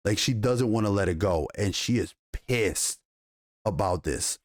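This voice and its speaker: A man casually reviewing a TV episode, retelling scenes with excited, profane enthusiasm and quoted dialogue. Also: fairly low pitch, unhurried, dry recording, studio quality. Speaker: TV show reviewer.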